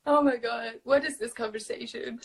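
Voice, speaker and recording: A young woman hosting a casual phone livestream from her room at home, chatty and animated, often laughing. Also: moderate pace, very noisy. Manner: giggly, animated, talks to her cat in a high voice. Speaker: livestream host.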